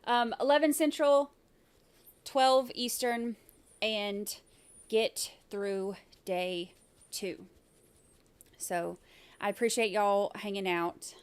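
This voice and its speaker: A woman's voice: mid-range voice, fairly even intonation, slow, long pauses, clean tone. A woman hosting a casual livestream about a trial, talking in a chatty, rambling way with lots of fillers. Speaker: host of a live trial commentary stream.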